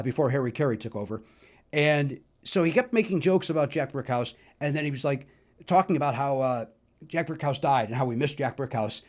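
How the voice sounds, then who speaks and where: A middle-aged man from the Chicago area hosting a solo podcast, telling stories in a chatty, animated way with lots of fillers. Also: on the high side. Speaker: podcast host. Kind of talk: solo musical nostalgia talk.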